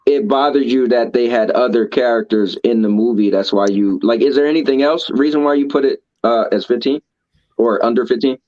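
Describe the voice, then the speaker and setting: A man's voice: medium pitch, a little fast, dull audio. A man on a casual podcast panel, teasing and pushing back on a fellow panelist. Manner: excited, teasing, pushes back. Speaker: podcast co-host.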